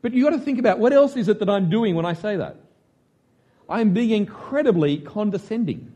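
Husky, high-voiced chatty preacher man. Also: warm tone. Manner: self-mocking, chatty, asks the room questions. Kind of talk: conversational sermon.

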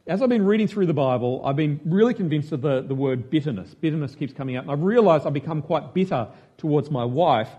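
Guy doing a bitter churchguy muttering excuses, husky, low-key, sermon bit. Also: lively intonation, quick pace, hardly any pauses, mellow, muffled recording. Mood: grumbling. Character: bitter married churchman, grumbling quietly.

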